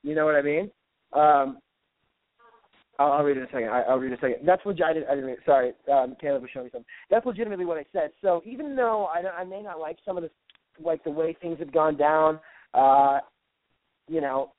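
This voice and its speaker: A man talks fast and loose on a call, his voice sitting a bit high for a man. Slang like bro and dude runs through everything he says. The sound is thin and phone-like, with no room around it. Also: dry recording. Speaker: guest caller. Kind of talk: casual chat. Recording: dry tinny phone line.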